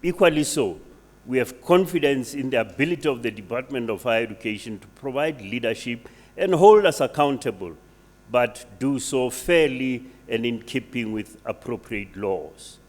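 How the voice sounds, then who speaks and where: A man giving a measured, formal welcome speech. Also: mid-range voice, lively intonation. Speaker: university speaker welcoming officials. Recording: reverberant hall.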